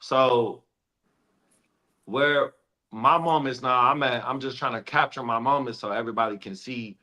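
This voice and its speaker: A male comedian speaks earnestly and quickly in a casual chat. His voice is bright and forceful at a middle pitch. He talks in a street-smart way. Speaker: comedian guest.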